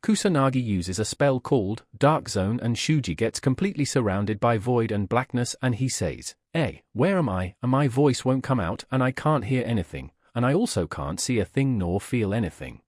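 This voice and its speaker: A man narrating a comic story recap in a steady storytelling manner. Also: mid-range voice, normal speed, hardly any pauses, no echo, clean studio sound.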